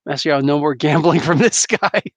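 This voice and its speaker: A man's voice: fairly high pitch, normal speed, no room sound. A man hosting a comic book livestream, chatting casually, rambling and laughing often as he reads viewer comments aloud. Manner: rambling and chuckly, frequent laughs and fillers.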